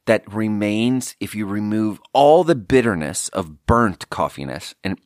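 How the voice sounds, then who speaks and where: Male podcast host, low voice, casual rambling delivery, close and dry. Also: animated, unhurried, hardly any pauses, darkish tone, dry recording. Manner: rambling, self-deprecating, frequent fillers. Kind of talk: casual solo talk with drink tasting.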